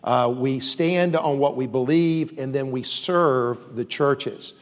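A university leader speaks earnestly and steadily to a church audience, with frequent fillers and restarts. He has a medium-pitched voice and talks slowly, and long reverb fills the recording.

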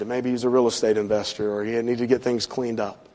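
A man's voice: a little high, fast. Man preaching a sermon. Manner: preaching with swelling emphasis and soft drops. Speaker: pastor.

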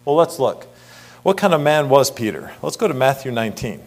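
A man's voice: medium pitch, animated, a little fast. A middle-aged man preaching an earnest Bible sermon, asking the congregation rhetorical questions and reading scripture aloud.

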